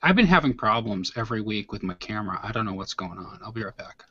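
A man's voice: fairly low pitch, animated, fast, sharp tone, slightly rough, no room sound. A man co-hosting a live podcast, making wry, dry one-liners. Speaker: podcast co-host. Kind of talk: casual live podcast chat. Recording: dry, lo-fi online call audio.

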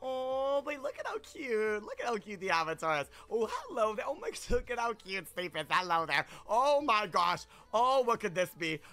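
Bubbly high-voiced male streamer. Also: big pitch swings, moderate pace, hardly any pauses, sharp tone. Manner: bubbly, effusive, sing-song greetings. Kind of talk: live game stream commentary.

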